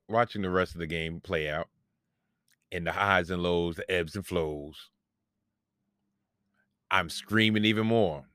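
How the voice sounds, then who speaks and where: A man's voice: low-pitched, a bit bright, clear, resonant tone, dry recording, studio quality. Rambling forties man. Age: 40s. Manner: rambling, profane, self-mocking storyteller. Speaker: podcast host. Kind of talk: casual solo podcast storytelling.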